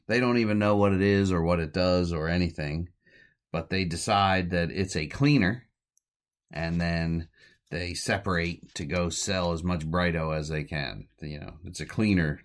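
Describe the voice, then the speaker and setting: A man hosting a podcast, retelling an old comedy short in a loose, rambling way and chuckling as he goes. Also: low voice. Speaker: podcast host. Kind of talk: casual film recap.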